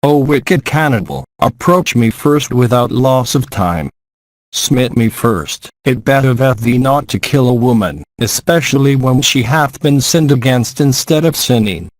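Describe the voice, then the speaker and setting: A man's voice: mid-range voice, lively intonation, measured pace, dry recording, natural voice. A man reading aloud as a mighty, boastful young warrior hero, speaking in archaic, declamatory phrases.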